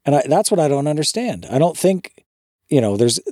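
A man's voice: on the high side, sing-song, fairly quick, mellow, no room sound, studio quality. A man co-hosting a podcast in casual chat, ranting with disbelief and swearing freely. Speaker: podcast co-host.

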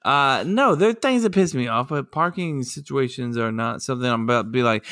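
A man in his thirties co-hosting a podcast over a remote connection, casual and laughing, often slipping into shouted put-on voices. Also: medium pitch, animated, a little fast, few pauses, no room sound, clean studio sound. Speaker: podcast co-host. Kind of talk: casual chat. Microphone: remote call connection.

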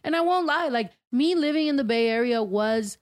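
Young woman, casual chat, rambling, swears, laughs a lot, higher pitch. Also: animated, normal speed. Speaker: podcast co-host.

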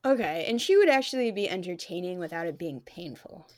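A woman's voice: fairly low pitch, expressive, a little fast. A young woman co-hosting a podcast in casual chat, playful and rambling with lots of fillers. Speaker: podcast co-host.

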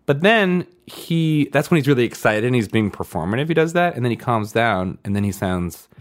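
A man's voice: medium pitch, sing-song, a little fast. A man co-hosting a casual chat about parenting, musing and analytical, often laughing. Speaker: podcast co-host and parent.

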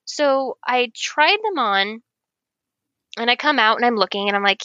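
Bright-voiced woman telling a story. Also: a little high, moderate pace, no room sound, lo-fi sound. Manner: animated, laughs often, acts out quoted lines. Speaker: guest. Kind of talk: casual storytelling.

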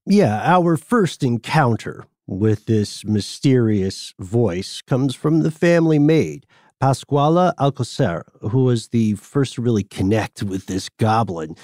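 A man's voice: mid-range voice, slow, dry recording, studio quality. A man co-hosting a podcast, telling a story in casual chat and acting out the quoted voices. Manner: lively, acts out quoted voices. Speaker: podcast co-host.

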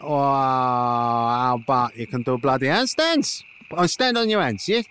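A man voicing a bossy, gruff trainer who swears constantly, in an improvised comedy podcast. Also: mid-range voice, lively intonation, measured pace, a bit bright, slight background noise. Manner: peppers every sentence with swearing, bossy.

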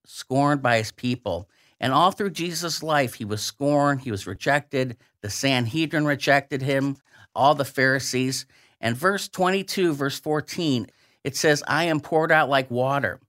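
A man guest on a radio talk show, walking through scripture verses at a deliberate, emphatic pace. His voice sits in an ordinary middle register. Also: mid-range voice, a bit bright.

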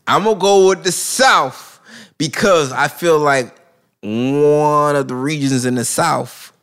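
A man's voice: on the high side, slow, a bit bright, clean tone. A man co-hosting a podcast, talking in casual, slangy banter and laughing often. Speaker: podcast co-host.

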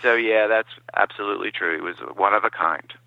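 A man guesting on an interview, telling stories in a lively way and dropping into quoted impressions. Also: lowish voice, brisk, creaky, no echo. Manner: animated storyteller who slips into quoted impressions. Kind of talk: casual interview over the phone. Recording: dry, tinny phone-line sound.

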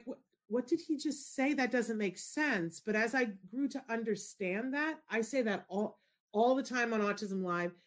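Middle-aged woman, talk show host, animated storyteller with big pitch jumps. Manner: expressive, shifts into high excited squeals when retelling. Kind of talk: animated storytelling in casual chat.

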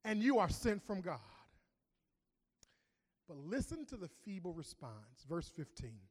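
A man preaching a sermon, emphatic, swinging from loud declarations to hushed asides. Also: on the high side, big pitch swings, normal speed. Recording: long reverb of a large hall.

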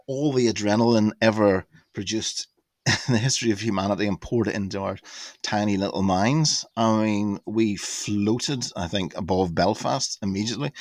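A man in his fifties, a podcast guest telling a casual anecdote in an animated way, swearing freely and full of fillers and restarts. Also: mid-range voice, dry recording. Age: 50s.

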